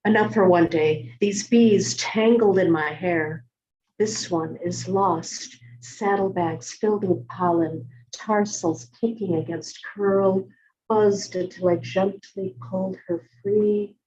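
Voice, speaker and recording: A woman poet reading her poems aloud in a slow, measured recitation. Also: medium pitch, a little mellow, lo-fi sound. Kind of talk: poetry reading.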